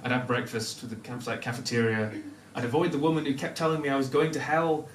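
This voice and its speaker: Man with a soft Northern English accent telling a comic story. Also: medium pitch, steady tone, quick pace, slight background noise. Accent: Northern English, softened. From Newcastle, North of England. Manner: self-deprecating, comic, laughing often through the telling. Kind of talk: live personal storytelling. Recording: echoey room, mic at a distance.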